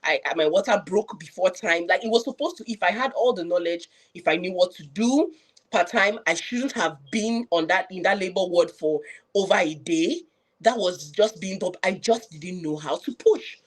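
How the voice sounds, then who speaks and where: Speaking on a live panel, a public health professional with a Nigerian accent tells an earnest personal story in a fairly low voice at a moderate pace. She sounds reflective, frequently restarts her sentences, and uses a lot of "you know."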